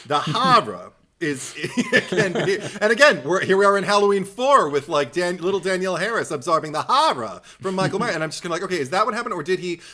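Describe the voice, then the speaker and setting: A man hosting a casual film podcast, animated and swearing freely, acting out scenes as he talks. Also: high voice, brisk, hardly any pauses. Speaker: podcast host. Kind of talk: casual film review chat.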